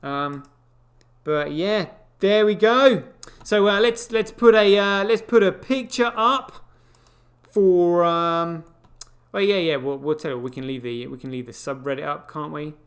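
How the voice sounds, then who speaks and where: Male live-show host, slightly higher voice, rambling casual commentary with fillers and dry asides. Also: unhurried. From United Kingdom.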